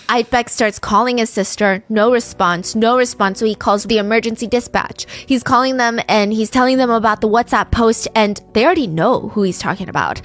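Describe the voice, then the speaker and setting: Woman telling a true crime story. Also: medium pitch. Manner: conversational, with frequent "like" fillers. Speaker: true crime podcast host.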